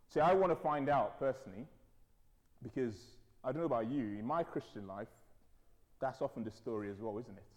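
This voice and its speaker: A man preaching a sermon, telling stories with conversational asides. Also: mid-range voice. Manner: animated storytelling, conversational asides. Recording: hall reverb.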